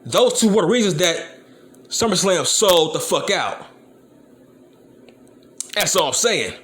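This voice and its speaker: Channel host, young man, blunt and profane, lively higher voice. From Compton, California. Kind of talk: ranting commentary video.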